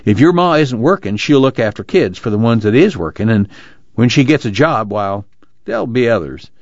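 A man's voice: mid-range voice, lively intonation, normal speed, no room sound, lo-fi sound, close to an everyday voice. A man reading aloud voices a matter-of-fact male camp watchman. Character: calm older male camp watchman, steady.

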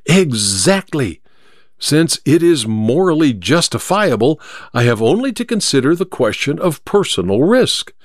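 A man reading an audiobook, voicing a cool, confident male detective who speaks in a crisp, amused, measured way. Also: fairly high pitch, big pitch swings, no echo, clean studio sound. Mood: resolute.

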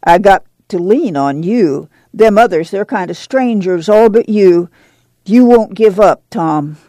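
A woman's voice: medium pitch, expressive, a little slow, warm tone, no room sound, natural voice. A woman reading the part of a weary but steadfast rural farm mother, homespun and firm. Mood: earnest. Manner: homespun, plain-spoken, firm. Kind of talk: dramatic audiobook reading.

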